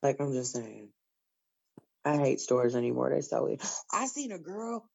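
A woman with a low voice tells stories in a casual group chat. She is blunt and heavy on profanity, and her voice jumps up when she acts out scenes. The sound is slightly dull and lo-fi. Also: a little slow, vocal fry, slightly rough. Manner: blunt, profane, animated storyteller.

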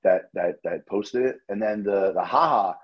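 A man's voice: on the low side, normal speed, husky, dull audio. A man with a New Jersey accent, a restaurant owner chatting as a podcast guest, telling stories animatedly and swearing freely. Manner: animated storyteller, swears freely, repeats words. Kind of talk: casual interview chat.

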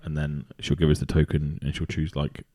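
A man's voice: very deep voice, completely flat delivery, a little fast, mellow. A man, chatting casually as a podcast co-host and rambling with fillers. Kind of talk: casual chat.

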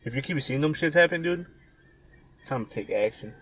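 A young man co-hosting a podcast, chatting casually with quick, slangy and profane remarks. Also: a little high, lively intonation, a bit bright, poor audio. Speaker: podcast co-host. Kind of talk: casual chat.

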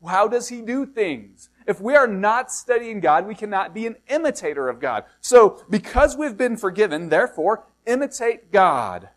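A middle-aged pastor from the United States delivers a sermon in a high voice. He preaches conversationally, explaining a passage and often asking his listeners rhetorical questions.

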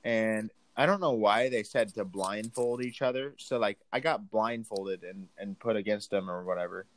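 A man's voice: fairly low pitch, moderate pace. A man telling a rambling story in casual chat, full of fillers and restarts.

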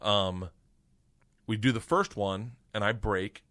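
A middle-aged man, a comedian guest, telling a long comic story in a loud, animated, profane way. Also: on the low side, slow pace.

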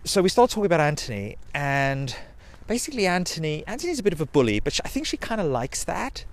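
Lively rambling man. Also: on the high side, fast. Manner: sweary, self-mocking, digressive, with quoted put-on voices. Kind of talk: rambling personal monologue.

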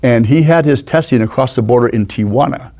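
Storyteller guest, man in his 60s; animated raconteur. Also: medium pitch, brisk. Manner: animated raconteur, acts out the people in his stories. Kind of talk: anecdotal storytelling. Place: studio.

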